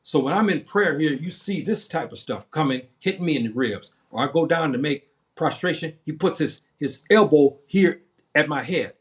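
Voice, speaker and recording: A man's voice: fairly high pitch, lively intonation, moderate pace. A seventy-year-old man hosting a livestream, talking in a heated, rambling way and often repeating himself and restarting his sentences. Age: 70s. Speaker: livestream host. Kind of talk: impassioned livestream monologue.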